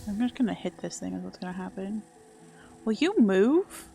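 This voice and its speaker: A woman's voice: medium pitch, animated, moderate pace, creaky, warm tone, soft background music. A young woman chatting casually and muttering to herself while live-streaming a video game, self-deprecating and chatty.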